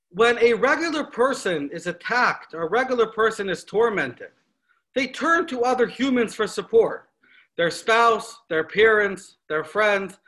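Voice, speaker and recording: Guy with a high-ish voice giving a torah class, lively storyteller, lots of questions. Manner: animated storytelling with rhetorical questions. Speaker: Torah teacher. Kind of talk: lecture on scripture.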